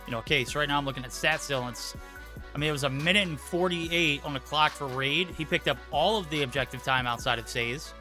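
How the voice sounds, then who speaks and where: A man casting esports, animated and joking, with big swings in loudness. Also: a little high, a little fast. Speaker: esports caster. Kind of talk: esports commentary. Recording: music playing behind the voice.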